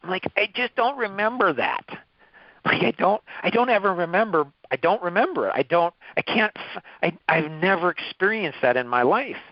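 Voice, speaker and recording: In a brisk, high-pitched voice with lively intonation, a course leader in his fifties tells personal stories as part of a motivational talk. His delivery is emphatic and repetitive, with many restarted phrases, and the recording sounds dry and muffled.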